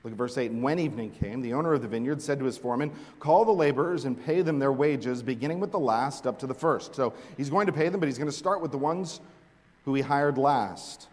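Male pastor, mid-pitched, animated delivery from quiet to forceful, big reverberant hall. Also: fast. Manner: animated preaching, swinging from hushed to emphatic. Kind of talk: sermon. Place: large hall with long reverb. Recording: echoey hall recording.

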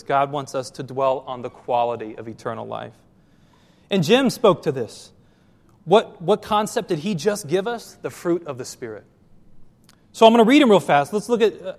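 A man's voice: a little high, big-room sound. A man preaching a sermon as pastor, asking the congregation questions and repeating phrases for emphasis.

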